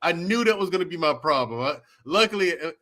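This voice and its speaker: A man who served in the army, a guest on a casual podcast, telling animated stories and laughing as he goes. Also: on the high side, fast talker.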